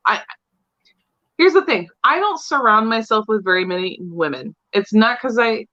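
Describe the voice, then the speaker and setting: A woman's voice: on the high side, expressive, normal speed, bright, forceful tone. A young adult woman chatting candidly as a podcast co-host. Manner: candid, chatty, laughs often. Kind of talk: casual chat. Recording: dull lo-fi sound.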